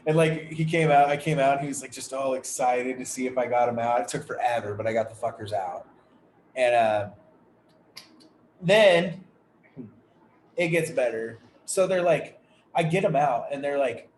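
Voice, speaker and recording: A man hosting a podcast, telling a story in a loose, rambling way and swearing constantly. His voice sits at an ordinary middle pitch. The room is echoey, with a faint hiss of noise underneath. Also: normal speed, long pauses. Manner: rambling, heavily profane storytelling. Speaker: podcast host. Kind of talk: casual storytelling chat.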